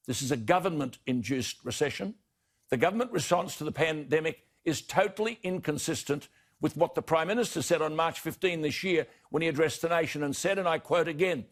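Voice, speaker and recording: An Australian man delivering an indignant broadcast opinion editorial, slowing down to hammer home key words. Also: on the high side. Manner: indignant, emphatic, slows for stressed words. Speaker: broadcast commentator.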